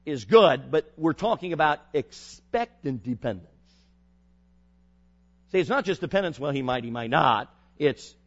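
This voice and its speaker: A man preaching a sermon to teenagers, swinging from quiet asides to loud emphatic peaks and asking the crowd for answers. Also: a little high, sing-song, normal speed, breathy edge, dull audio.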